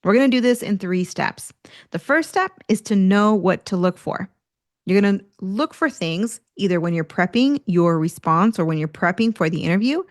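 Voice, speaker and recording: Energetic woman podcast coach, dry mic. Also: mid-range voice, no echo. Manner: energetic, demonstrates tone shifts, occasional laughs. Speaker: career coach podcast host. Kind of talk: solo podcast teaching.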